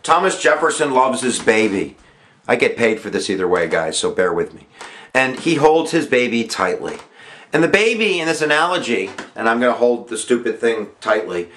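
A man's voice: fairly high pitch, a bit bright. A male history teacher giving a casual, jokey exam-review lesson with emphatic points and self-mocking asides. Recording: echoey room.

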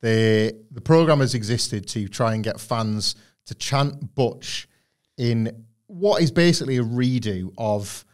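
Brief: British guy, thirties, podcast co-host, rambling comic riffs, mid pitch. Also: measured pace. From United Kingdom. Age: 30s. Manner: rambling, jokey riffing. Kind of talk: casual chat.

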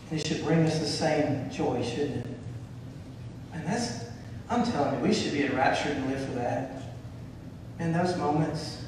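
Male pastor, fervent sermon, slightly high voice, distant hall reverb. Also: noisy background. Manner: fervent, builds to shouting, repeats phrases. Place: church sanctuary. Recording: echoey church hall from far off.

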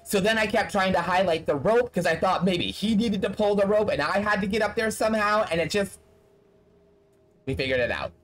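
A streamer talking through a game demo live, in a mid-pitched voice that sits neither high nor low. The talk is loose and profane, full of exasperated asides aimed at the game and the chat. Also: lively intonation, brisk, fairly bright tone. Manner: profane, exasperated running commentary.

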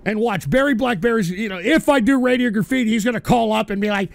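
A man hosting an online show, running an awards segment in a profane, animated rant. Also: high-pitched, fast talker, gravelly, hardly any pauses, no echo.

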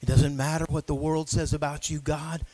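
A man preaching a sermon as pastor, swinging between quiet low talk and loud shouting, with call-and-response asides to the congregation. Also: level tone, normal speed, low-quality recording.

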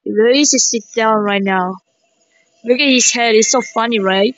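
A woman giving excited gameplay commentary, shrieking exclamations and repeating herself. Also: a little high, normal speed, dry recording. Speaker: gaming commentator. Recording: dry, dull lo-fi mic.

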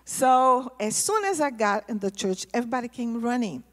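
A woman pastor telling a testimony in a sermon, storytelling in a lively way and repeating words for emphasis. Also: fairly high pitch, moderate pace. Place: church sanctuary. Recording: long hall reverb in a church.

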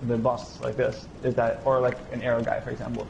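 A man's voice: medium pitch, monotone, fairly quick, vocal fry, a little mellow, highs cut off, slight background noise. A man walking a friend through game combat, explaining it step by step. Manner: explanatory, lecturing. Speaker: coach giving game tips. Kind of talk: casual gaming chat.

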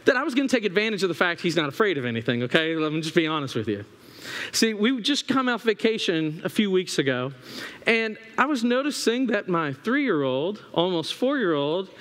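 Male pastor with a high voice, lively comic storytelling, in a big reverberant church hall. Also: moderate pace. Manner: animated, humorous storytelling. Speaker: assistant pastor. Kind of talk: sermon. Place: church sanctuary.

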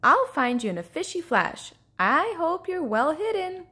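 A woman's voice: very high voice, unhurried, pitched above the performer's own voice, full character voice. A woman voicing a playful young male fish who teases gleefully in a storybook. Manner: excited, shouting cheerfully.

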